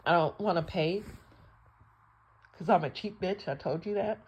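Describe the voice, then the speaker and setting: A woman hosting her channel, delivering a blunt, profane, scolding rant that swings between loud outbursts and quiet asides. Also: lowish voice, expressive, slow. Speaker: channel host. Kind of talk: casual rant monologue.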